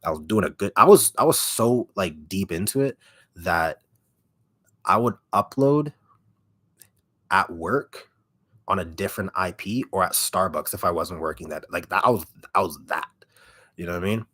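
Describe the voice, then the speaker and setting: A man with a deep, raspy voice, telling a rambling story full of fillers and swearing as an ASMR YouTuber chatting casually on a livestream. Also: animated, normal speed, pauses often, a bit bright, no room sound.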